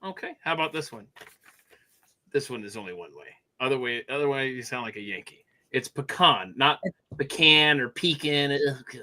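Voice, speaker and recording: A man's voice: mid-range voice, lively intonation, pushed and bright. A man hosting a casual panel chat, joking and opinionated. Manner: joking, opinionated, quick asides. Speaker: podcast host.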